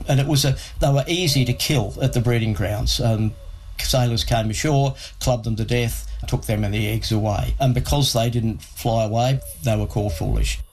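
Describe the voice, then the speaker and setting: A man's voice: medium pitch, a little mellow, rough recording. A man interviewee recounting a story reflectively, thinking aloud.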